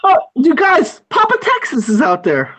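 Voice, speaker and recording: Silly childlike guy, stammering and giggly, put on by a streamer, high and bouncy. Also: huge pitch swings, normal speed, fairly bright tone, exaggerated voice. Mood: goofy. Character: goofy childlike male character, simple and silly. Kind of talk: improvised comedic character on livestream.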